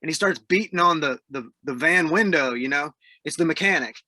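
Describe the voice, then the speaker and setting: Speaking briskly in a slightly high, bright and forceful voice, this Southern American musician tells relaxed stories during a casual interview, laughing in the middle of sentences. The recording is dry.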